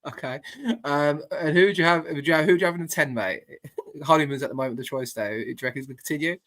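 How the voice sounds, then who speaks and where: A man's voice: fairly high pitch, quick pace, fairly bright tone. A man hosting a casual football podcast, blunt and laddish, swearing freely, talking over a remote call. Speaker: podcast host.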